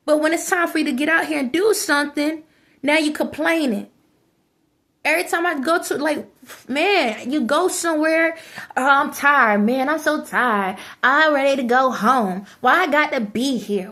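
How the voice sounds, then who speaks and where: A vlogger with a high-pitched, fairly bright voice rants directly at her viewers in a casual, unscripted monologue to camera. She's preachy and scolding, driving her points home through repetition.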